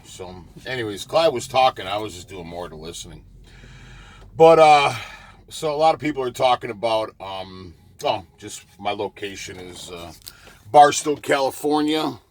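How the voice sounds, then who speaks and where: Rambling trucker, a man with a lowish voice, loose vlog chat full of fillers, recorded in his parked truck. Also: lively intonation, moderate pace. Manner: rambling, many fillers and restarts. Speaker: truck driver. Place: parked truck near a truck stop.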